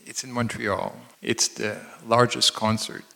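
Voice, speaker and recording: A man casually telling a personal anecdote, animated and chuckling as he quotes others. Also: on the low side, measured pace, gravelly, long reverb tail. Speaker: devotee telling a personal story.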